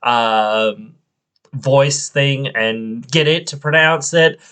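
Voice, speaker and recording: Aussie guy ranting on his podcast, rambly and fed up, mid-pitched voice. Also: drawn-out words, fairly bright tone, smooth. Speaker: podcast host. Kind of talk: casual opinion podcast.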